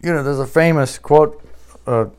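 A man's voice: normal speed, smooth. Emphatic male pastor preaching. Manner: emphatic preaching, rising sharply on quotes and questions; closes in a quiet, low prayer. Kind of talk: sermon.

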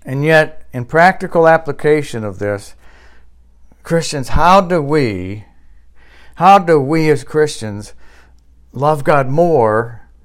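A man's voice: lively intonation, slow pace, long pauses. A male pastor delivering a sermon, emphatic and rising sharply on questions and quotes. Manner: closes in a quiet, low prayer.

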